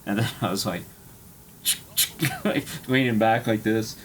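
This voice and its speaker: A man's voice: fairly low pitch, a little fast, background noise. A man streaming, telling a rambling, profane travel story with lots of fillers and laughs.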